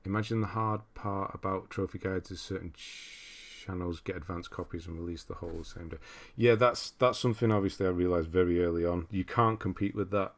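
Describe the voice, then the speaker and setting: A man with a deep, low-pitched voice hosts a casual livestream. He rambles easily, reads viewer comments aloud and answers them as he goes. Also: steady tone, fairly quick, few pauses. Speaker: livestream host.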